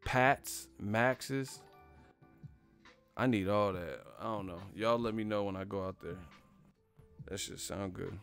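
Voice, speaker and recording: A man's voice: on the low side, slow, long pauses, a bit bright, soft background music. A man hosting a casual live stream about boxing, ranting in a rambling, profane way and laughing at his own jokes. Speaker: boxing commentary host.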